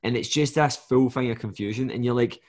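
A man's voice: medium pitch, a little fast, darkish tone. A man, a fat loss coach, talking bluntly in a casual podcast chat and swearing freely as he acts out what clients say.

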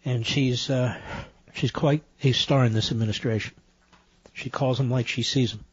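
A man's voice: medium pitch, steady tone, moderate pace, husky, no echo. A man hosting a political talk radio show, speaking emphatically and combatively. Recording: dull, muffled broadcast sound.

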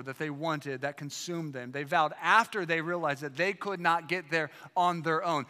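A man's voice: on the high side, sharp tone, big-room sound. A man preaching as pastor, emphatic and full of rhetorical questions. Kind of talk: sermon.

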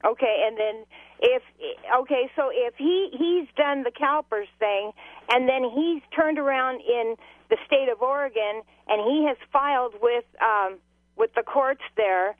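A woman calling in to a radio show by phone, hesitant and halting as she explains. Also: sits high, dry recording. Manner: hesitant, full of ums and restarts. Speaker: caller. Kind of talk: call-in radio question. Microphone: telephone. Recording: tinny phone line.

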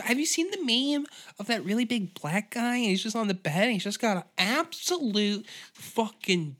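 A man's voice: sits high, a bit bright, voice pushed up, heavily acted. A man voicing a nervous female restaurant staffer who stammers and then turns crude. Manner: stammering, giggly. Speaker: comedy podcast skit character.

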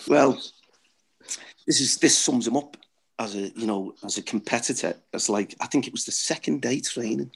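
Telling crude, frank stories laced with profanity, this middle-aged man who once played football keeps laughing at his own tales. He speaks at a moderate pace in a medium-pitched voice that is creaky and husky.

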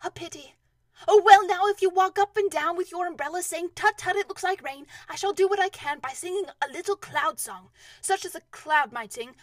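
Storybook teddy bear, a woman reading: high, thoughtful, ponderous. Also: moderate pace, dry recording. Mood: eager. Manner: earnest and ponderous, with hesitant restarts. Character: gentle, earnest, slow-witted male teddy bear.

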